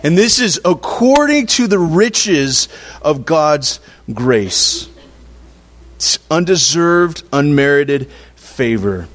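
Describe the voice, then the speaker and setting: A man's voice: on the high side, sing-song, slow pace. A man preaching a sermon in a conversational, playful way, acting out little quotes to make his point. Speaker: pastor.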